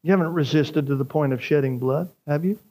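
A male pastor delivering a sermon with a fairly high voice. He preaches emphatically, lifting his pitch to stress key phrases. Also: a little fast, dark tone.

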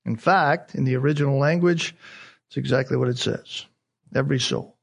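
A man's voice: mid-range voice, moderate pace, gravelly, breathy edge. A man preaching a sermon as a pastor, emphatic, repeating key phrases and asking rhetorical questions.

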